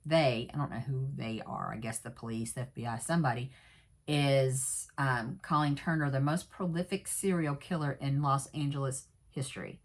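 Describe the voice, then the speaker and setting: A woman with a low voice talks her viewers through a true crime episode in an easygoing way. She wanders off on asides and fillers and adds frank opinions as she goes. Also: normal speed. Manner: rambling, many fillers and asides; candid, personal commentary. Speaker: true crime recap vlogger. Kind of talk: casual episode recap.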